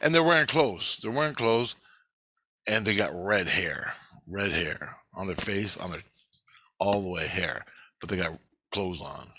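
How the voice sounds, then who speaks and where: Male, low bright voice, dry recording; rambling, profane, animated dream storyteller. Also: measured pace, long pauses, no room sound. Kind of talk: casual dream retelling.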